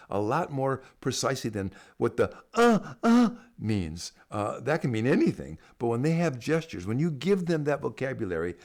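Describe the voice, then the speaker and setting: A man's voice: mid-range voice, a little mellow. A man, an educator on baby sign language, explaining to camera in an earnest, enthusiastic way.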